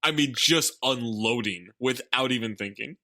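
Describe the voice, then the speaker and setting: A man co-hosting a podcast, briskly recapping a film's plot with wry asides. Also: medium pitch, bright, forceful tone. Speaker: podcast co-host recapping the film. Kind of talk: casual chat, rapid plot recap.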